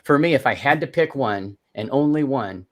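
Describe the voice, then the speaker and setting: A man's voice: mid-range voice, animated, moderate pace. A man in his fifties hosts a casual live stream chat. He rambles through long stories, stopping and restarting his sentences as he goes. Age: 50s. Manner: chatty storyteller, rambling with restarts. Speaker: livestream host.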